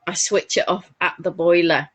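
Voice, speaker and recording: A woman's voice: fairly low pitch, fairly even intonation, moderate pace, breathy edge, dry recording. A woman with a Northern English accent, co-hosting a casual crafting chat and telling family stories. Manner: chatty, warm anecdotes with frequent laughs. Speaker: podcast co-host.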